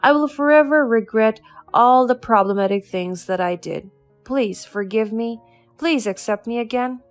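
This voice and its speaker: A woman's voice: on the high side, unhurried, soft background music, natural voice. A woman reading as a remorseful man begging forgiveness. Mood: pleading. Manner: pleading, tearful.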